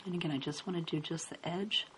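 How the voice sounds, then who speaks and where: A woman calmly narrating a step-by-step coloring tutorial, explaining each stroke as she works. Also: on the low side, fast. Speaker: card-making instructor. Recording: faint hiss in background.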